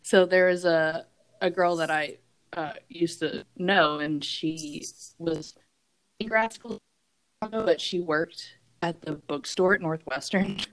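Slow-talking woman, amused and easygoing. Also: lowish voice. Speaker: podcast co-host. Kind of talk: casual chat.

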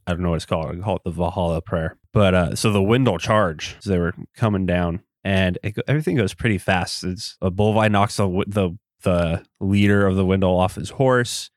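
A man co-hosting a podcast, casually recapping scenes of a movie with halting restarts. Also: deep voice, dry recording, studio quality. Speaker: podcast co-host.

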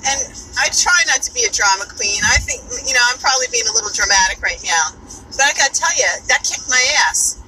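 A chatty woman with a New York accent talks from the driver's seat, and her voice sits a little higher than most. She rambles through her day with plenty of swearing and offhand asides. The steady rumble of the car and the road runs under everything she says. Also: brisk, poor audio. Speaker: podcaster. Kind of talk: casual chat while driving. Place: inside a moving car. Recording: car road noise behind. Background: car and road noise.

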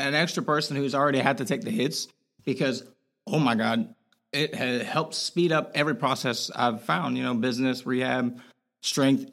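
A man's voice: medium pitch, creaky, a bit bright. Frank young man, casual guest. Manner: casual, frank, lots of "like" fillers. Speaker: podcast guest. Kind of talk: candid conversational interview.

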